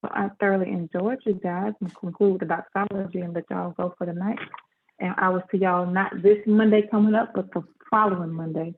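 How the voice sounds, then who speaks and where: A woman leading a Bible class over a video call, talking in a folksy, conversational way with a relaxed dialect. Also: lowish voice, a little fast. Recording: tinny phone-like video call audio.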